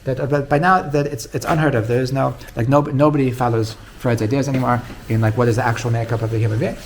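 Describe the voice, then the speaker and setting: A man's voice: medium pitch, steady tone, quick pace, a little hiss or hum. A man, a rabbi, giving an informal Torah class in a conversational way. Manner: conversational, retells stories with quoted dialogue.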